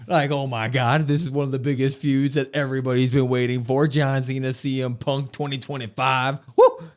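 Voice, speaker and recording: A man co-hosting a podcast, recapping wrestling in a casual, excitable way and acting out quotes with emphasis. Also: medium pitch, a little fast. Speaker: podcast co-host.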